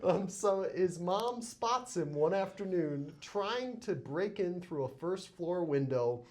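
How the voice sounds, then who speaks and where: A man's voice: high-pitched, animated, slow, darkish tone. A man co-hosting a legal podcast as a criminal defense lawyer, chatting casually and laughing often while telling stories.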